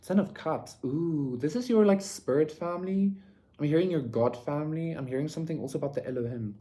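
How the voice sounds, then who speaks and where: A medium-pitched, warm voice belongs to a tarot reader doing a casual pick-a-card reading. She rambles, fills her talk with "like," ends lines with "okay?", and swears freely.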